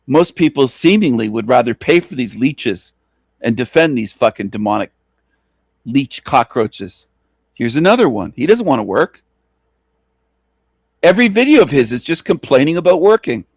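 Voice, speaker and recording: A man's voice: medium pitch, big pitch swings, normal speed, long pauses, no room sound. Contemptuous ranting man, dry sound. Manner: bitter, contemptuous, profane. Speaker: channel host. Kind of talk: angry ranting monologue.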